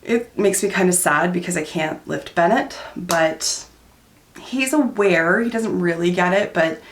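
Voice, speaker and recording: A woman's voice: on the low side, measured pace, roomy sound, a little hiss or hum. A woman in her thirties chatting candidly while doing her makeup for a vlog, full of "um" and "like". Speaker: beauty vlogger.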